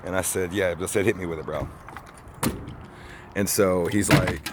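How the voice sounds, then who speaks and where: A man with a lowish voice talks straight to his camera outside, earnest and rambling, circling back over his own words. Faint outdoor street ambience hums behind him. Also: unhurried, pauses often, slight background noise. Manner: rambling, repeats himself, earnest. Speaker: vlogger. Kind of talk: casual monologue to camera. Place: outdoors, picking up trash.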